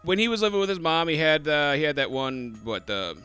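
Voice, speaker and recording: A man co-hosting a casual trash-talk podcast, swearing freely as he tells the story. His voice is bright and smooth, and he drops into mocking impressions along the way. Faint music sits underneath. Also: on the high side, a little fast. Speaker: podcast co-host.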